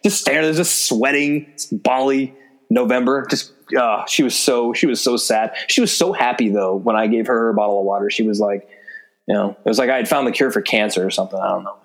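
A man's voice: mid-range voice, brisk. A man in casual conversation, recounting his years as a special agent. He rambles comfortably, stacks up fillers and throws in the odd curse, with a mid-range voice that moves freely. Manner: loose and chatty, many fillers and frequent swearing. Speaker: podcast guest, former special agent. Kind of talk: casual storytelling.

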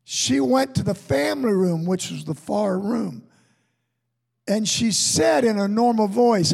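A high-pitched man preaching from the pulpit, his words unhurried and drawn out. His voice is husky and gravelly, carrying a long echo through the church hall. He moves between folksy storytelling and fervent exhortation. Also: lively intonation, a little mellow. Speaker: pastor. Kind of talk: sermon with storytelling. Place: church sanctuary.

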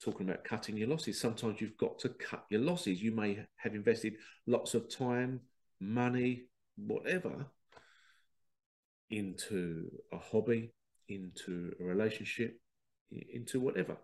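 A middle-aged man, talking in a casual, animated podcast monologue, laughing at himself and acting out remembered conversations. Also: on the low side, a little slow. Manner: animated, self-laughing, quotes others in dialogue. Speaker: podcast host.

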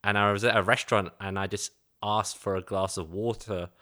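Bright-voiced Cockney man. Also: on the low side, steady tone, fairly quick. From East London, England. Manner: chatty, storytelling, laughs easily. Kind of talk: casual conversation.

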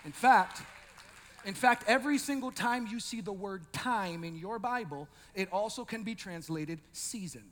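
A male pastor preaching an animated sermon, swinging from loud shouting to quiet intensity, with joking asides to the congregation. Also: high-pitched, moderate pace, in a large hall, a little hiss or hum.

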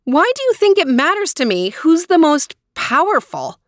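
A woman voicing a spirited, defiant young princess in a high, emphatic storybook voice. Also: sing-song, moderate pace, no echo, studio quality. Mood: indignant.

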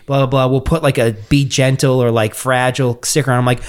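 A man chatting on a podcast, telling an angry story with lots of swearing. He jumps up in pitch when he acts out what people said. His voice sits in an ordinary middle range. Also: fast talker. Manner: animated storyteller, swears a lot, acts out quotes. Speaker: podcast co-host. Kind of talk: casual podcast chat.

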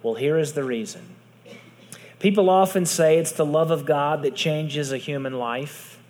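A man preaching a sermon in earnest, dropping to soft hushed tones for emphasis. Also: on the high side, measured pace, in a large hall. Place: large hall with audience.

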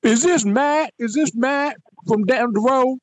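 A man's voice: unhurried, dry recording. A man voicing a brash, gym-obsessed male caller who uses crude street slang during a prank phone call. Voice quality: high-pitched put-on voice, street slang.

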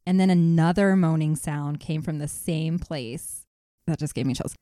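Low, mellow-voiced woman reading a ghost story. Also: moderate pace, no room sound, studio quality. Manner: laughs often, swears casually, jokes mid-story. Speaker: podcast co-host reading a listener story. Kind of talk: reading a listener's ghost story aloud with casual chat.

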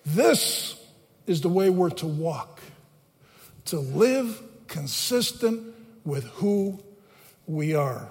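A man's voice: fairly high pitch, very animated, very slow, long pauses, darkish tone. A man preaching a sermon as a pastor, emphatic and repeating phrases for stress. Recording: long reverb of a large hall.

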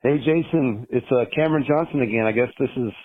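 A man in his thirties leaving a voicemail for a podcast, halting and full of fillers. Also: medium pitch, no echo. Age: 30s. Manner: hesitant, many fillers. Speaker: caller. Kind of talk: voicemail message. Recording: tinny phone voicemail.

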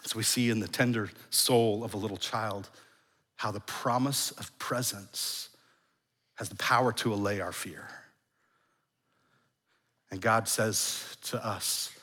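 A middle-aged man preaching a sermon as pastor, earnest, moving from raised emphasis to hushed, soft lines and often restarting his phrases. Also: fairly low pitch, fairly even intonation, takes it slowly, long pauses, husky. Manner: repeats words and restarts phrases. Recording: long hall reverb.

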